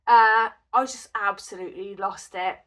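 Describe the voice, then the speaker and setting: A woman's voice: mid-range voice, steady tone, moderate pace, a bit bright. A woman vlogger chatting casually and telling a rambling, giggly story, with a cough from a cold. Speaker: crochet vlogger.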